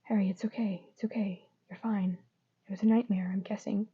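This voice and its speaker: A woman reading the lines of a teenage boy wizard, a softening former rival, speaking softly and sometimes near a whisper. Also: fairly high pitch, moderate pace, husky. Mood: gentle. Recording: dull lo-fi recording.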